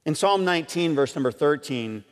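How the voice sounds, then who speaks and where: A man's voice: on the high side, lively intonation, normal speed. A man pastor preaching a sermon earnestly, repeating key points and putting questions to his congregation. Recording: long reverb of a church hall.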